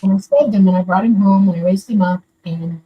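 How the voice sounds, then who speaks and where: A woman's voice: mid-range voice, a little fast, highs cut off. Rambling older woman telling a story. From Florida, USA. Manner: rambling, animated, earnest. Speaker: caller sharing a story. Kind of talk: casual storytelling. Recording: distant mic with faint background noise.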